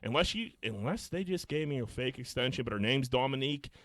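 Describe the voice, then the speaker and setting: A man co-hosting a podcast, telling a story in a casual, swearing, animated way and acting out his own lines. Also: mid-range voice, fast, no room sound. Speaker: podcast co-host.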